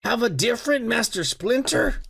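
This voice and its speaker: A man's voice: very high voice, animated, moderate pace, gravelly, a bit bright, breathy edge. A man co-hosting a podcast in casual chat, teasing his co-host and joking.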